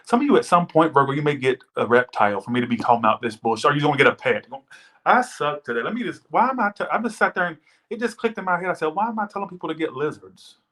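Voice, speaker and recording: A man's voice: fairly high pitch, lively intonation, fast talker, a bit bright. A man giving a casual live tarot reading, rambling and chatty, swearing now and then as he thanks viewers and tells stories. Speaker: tarot reader. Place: Las Vegas.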